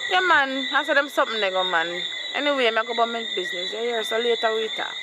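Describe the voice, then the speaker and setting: A woman's voice: on the high side, animated, fast, very noisy. A woman with a Jamaican accent, talking earnestly in a comedy sketch.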